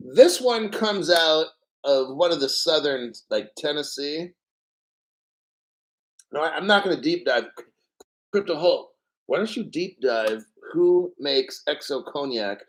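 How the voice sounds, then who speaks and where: A man hosting a casual livestream, rambling and profane and clearing his throat often. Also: fairly high pitch, expressive, slow pace, long pauses, poor audio. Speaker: crypto livestream host.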